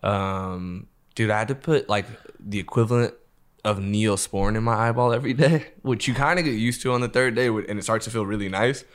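A young man in casual chat, telling a story in an animated way, full of slang and swearing. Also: fairly low pitch, a little fast. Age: young adult.

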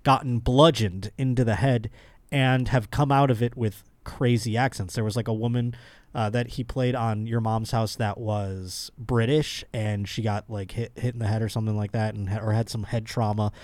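A man's voice: lowish voice, fairly even intonation, moderate pace, a little mellow, no room sound. A man hosting a comedy podcast, rambling through news stories with crude jokes. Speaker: podcast host. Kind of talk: casual comedic chat.

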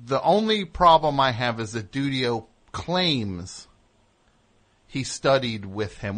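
A man hosting a comedic call-in show, teasing guests and callers with rapid-fire riffs. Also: mid-range voice, expressive, fairly bright tone. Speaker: radio show host.

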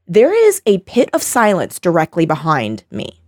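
A woman hosting a casual podcast chat, animated and laughing as she acts out quotes. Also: on the low side, moderate pace, dry recording, clean studio sound. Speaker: podcast host.

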